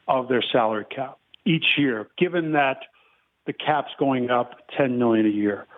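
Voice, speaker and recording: A man in his fifties, a guest giving measured football analysis and clearing his throat often. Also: medium pitch. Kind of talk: casual phone interview. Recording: tinny phone line.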